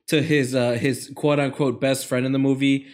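A man co-hosting a podcast, recapping a movie plot in a jokey, animated way. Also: mid-range voice, moderate pace. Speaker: podcast co-host. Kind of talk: casual movie review chat.

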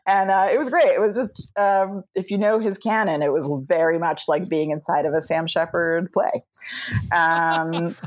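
A woman's voice: fairly low pitch, normal speed. A woman from New York, a comedy podcast guest, telling a casual anecdote over a remote call, chatty and laughing often between phrases. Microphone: remote video call.

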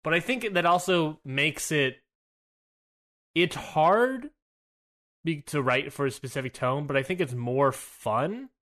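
A man's voice: fairly high pitch, animated, slow, fairly bright tone. A man co-hosting a podcast, recapping wrestling in a rambling, upbeat way with many fillers and restarts. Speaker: podcast co-host. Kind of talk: casual wrestling recap chat.

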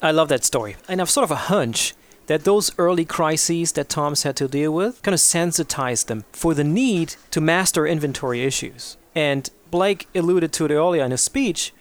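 A man hosting a business radio show, explaining points in a measured, conversational way. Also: on the high side, expressive. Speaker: podcast host.

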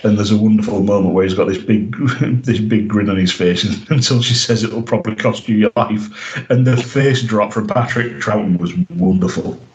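A low-pitched man talks through a show in relaxed podcast chat. He fills pauses with ums and uhs, restarts his sentences and laughs readily as he goes. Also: poor audio. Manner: chatty, laughs often, many fillers and restarts. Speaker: podcast host.

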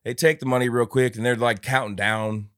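A man's voice: medium pitch, steady tone, brisk, a bit bright, clear, resonant tone, no room sound, clean studio sound. A man co-hosting a podcast, casually recapping a film's plot, laughing often and acting out lines in silly voices. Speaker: podcast co-host. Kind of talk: casual movie review chat.

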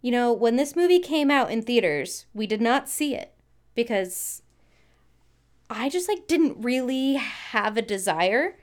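A woman's voice: fairly high pitch, big pitch swings, unhurried. A woman co-hosting a movie review chat, giving short, blunt verdicts in a casual way. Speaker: movie review podcast co-host.

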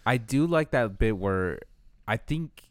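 A man co-hosting a casual podcast, chiming in with relaxed, joking remarks. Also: mid-range voice, slow pace, no echo, clean studio sound. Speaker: podcast co-host.

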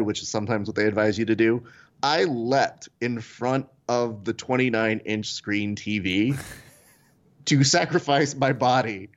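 A man in his thirties from California, co-hosting a podcast and telling stories in a casual chat, voice jumping high on quoted exclamations. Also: normal speed, muffled recording. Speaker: podcast co-host.

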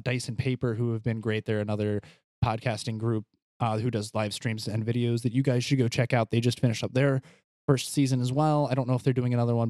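A man hosting a tabletop game podcast, narrating the scene for his players in an easygoing way with frequent filler pauses. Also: mid-range voice, dark tone, no echo, studio quality. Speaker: game master and podcast host.

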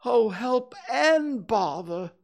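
A man voices a slow, simple-minded bear from a storybook, pitched well up and dawdling over every word. He hesitates and trails off, starting many lines with a small "uh". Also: lively intonation, creaky, heavily acted. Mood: fretful.

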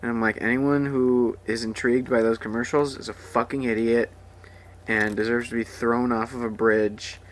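A young man hosts a podcast in a medium-pitched voice with flat delivery and normal speed, slight background noise behind him. His talk is a profane, rambling rant, crudely and sarcastically tearing into things he hates and mocking the voices of ads.

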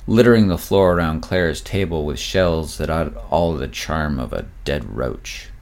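A man narrating a mystery story in a measured, dramatic storytelling delivery. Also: a bass voice. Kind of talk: scripted audiobook narration.

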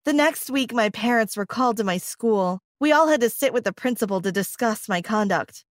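A woman's voice: fairly high pitch, animated, moderate pace, few pauses, dry recording. A woman narrating a dramatic first-person story, emotional and acting out her own lines with big swings.

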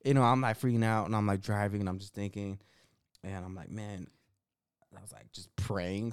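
A man's voice: fairly low pitch, moderate pace, long pauses, clean tone, dry recording, studio quality. A man co-hosting a podcast, telling a story in casual chat, swearing and laughing as he goes. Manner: animated, swearing, laughing at his own story. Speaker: podcast co-host.

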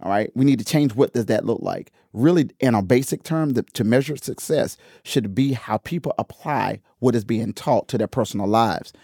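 A man hosting a podcast, talking casually about church and drifting into preaching, animated, laughing often and repeating phrases for emphasis. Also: medium pitch, normal speed, creaky, hardly any pauses, slightly rough, dry recording, clean studio sound.

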